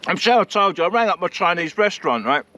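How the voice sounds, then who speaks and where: A man's voice: high voice, big pitch swings, quick pace, sharp tone. A man chatting casually to camera while camping in the countryside, self-mocking and laughing often. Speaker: vlogger. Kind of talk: casual vlog chat to camera. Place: outdoors at a countryside campsite.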